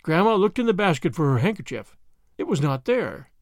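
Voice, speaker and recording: A man narrating a storybook aloud in an expressive, animated way. His voice is high and lively, swinging up and down, and the recording is close and dry. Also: a little fast, no room sound. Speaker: audiobook narrator.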